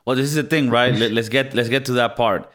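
A man co-hosting a casual movie review podcast, talking in an animated way with swearing and mock voices. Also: mid-range voice, brisk. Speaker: podcast co-host.

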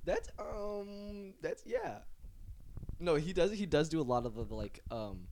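A man's voice: fairly high pitch, sing-song, a little slow, darkish tone. A man co-hosting a casual podcast, chatting loosely and joking around with his friend. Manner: joking, loose, laughs often. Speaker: podcast co-host. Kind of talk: casual chat.

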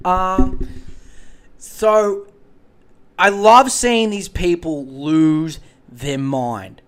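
A man's voice: sits high, fairly even intonation, extremely slow, long pauses, smooth. An Australian man hosting a podcast in a profane, rambling comedic rant. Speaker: podcast host.

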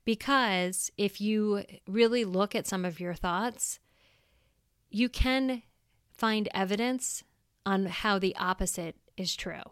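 This is a middle-aged woman hosting a solo podcast, her medium-pitched voice slow and clean-toned. The recording is dry with clean studio sound, and she talks candidly and reflectively in a casual, plainspoken way.

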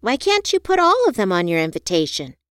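A woman voicing an excited young woman who gushes in a bright, lifted voice. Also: medium pitch, brisk, clear, resonant tone, no echo, clean studio sound, pitched above the performer's own voice.

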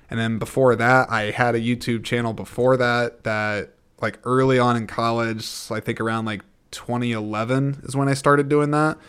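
A man's voice: mid-range voice, a bit bright, clear, resonant tone. A man in his thirties hosting a podcast, talking casually and rambling as he thinks aloud, with frequent restarts. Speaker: podcast host. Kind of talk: casual solo monologue.

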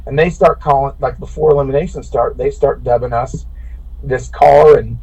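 A man with a gravelly, husky voice spins an animated, rambling story on a podcast. The audio sounds dull and lo-fi. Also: medium pitch, normal speed. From Illinois. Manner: animated, rambling anecdote with frequent restarts. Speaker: podcast guest, bracket racer. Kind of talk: casual storytelling.

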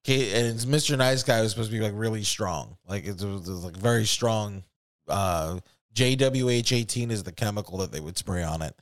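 A man's voice: fairly low pitch, brisk. A man in his thirties with an American accent, telling profane, rambling stories on a casual podcast and acting out other people's voices. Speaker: podcast co-host. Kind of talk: casual storytelling chat.

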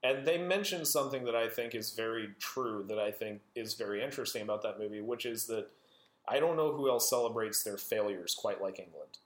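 A man's voice: lowish voice, a little fast. A man co-hosting a podcast, chatting casually about films, enthusiastic and rambling, often laughing. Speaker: podcast co-host. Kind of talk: casual film discussion. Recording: roomy echo.

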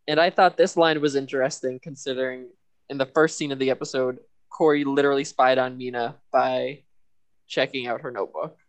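Podcast co-host, casual recap chat, laughs often, mid pitch. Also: steady tone, a little fast. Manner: laughs often, loose and chatty.

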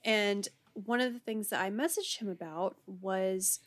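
A woman's voice: medium pitch, measured pace. A woman telling a funny story in a casual chat, with fillers and bursts of laughter. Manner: chatty, laughing, frequent fillers. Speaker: podcast co-host.

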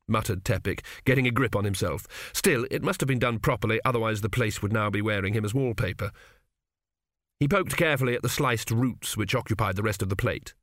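A man narrates an audiobook in a measured, dry storytelling manner, at a middle pitch. He is close to the mic, with a dead, dry studio sound. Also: very animated, fairly bright tone, no room sound.

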